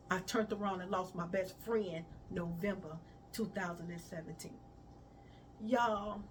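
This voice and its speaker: Recorded on a mic set a little away from her, with faint background hiss, a medium-pitched woman chats through a personal story in a casual storytime vlog. She keeps calling her audience "y'all" and quotes each person in dialogue, taking their lines one by one.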